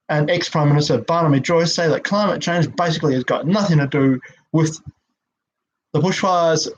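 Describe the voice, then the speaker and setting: A man's voice: fairly high pitch, a little hiss or hum. A sixty-year-old Australian man, an out-of-work actor, rambling through a heartfelt spoken monologue and swearing when upset, on a dull lo-fi recording. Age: 60s.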